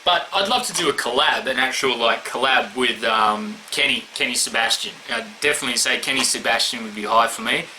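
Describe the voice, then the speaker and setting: A man's voice: mid-range voice, a little fast, hardly any pauses, bright, forceful tone, slight background noise. A man rambling bluntly in a casual vlog, swearing constantly as he answers questions. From Australia. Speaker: YouTuber answering award questions.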